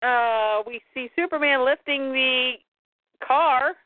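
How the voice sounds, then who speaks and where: A woman's voice: high voice, slow, no room sound. A woman co-hosting a casual podcast, retelling a comic book story and quoting the characters in lightly changed voices. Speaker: podcast co-host. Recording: dry, phone-like line.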